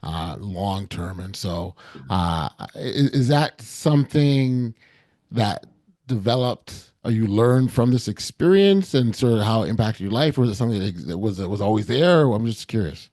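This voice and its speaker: Male podcast host, lowish voice, hesitant questioner, dry recording. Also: expressive, moderate pace, darkish tone, dry recording. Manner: hesitant, stumbling over words. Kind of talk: interview questions.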